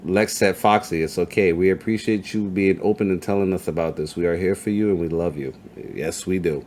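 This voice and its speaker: Male host, deep-ish, profane and hype, faint background noise. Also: a little fast, darkish tone. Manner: profane, hype, reads chat comments aloud. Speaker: podcast host. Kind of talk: casual interview chat.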